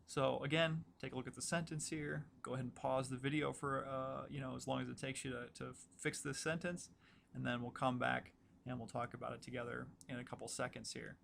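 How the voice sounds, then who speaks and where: Male writing instructor, gravelly voice, casual lecture delivery full of fillers, faint background hiss. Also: medium pitch, level tone, fairly quick, a bit bright. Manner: casual, filler-heavy explaining. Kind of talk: recorded lecture walkthrough.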